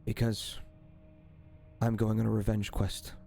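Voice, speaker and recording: A grieving hunter set on revenge, voiced by a man, grave and measured. He uses few words, and his voice sits on the low side. He is a figure in a tabletop fantasy game. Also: monotone, vocal fry, dark tone, soft background music.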